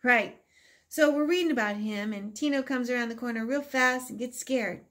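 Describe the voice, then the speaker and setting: Cocky trash-talking teen boy striker, put on by a woman reading aloud, loud and mocking, higher pitch. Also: normal speed, natural voice. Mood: boastful.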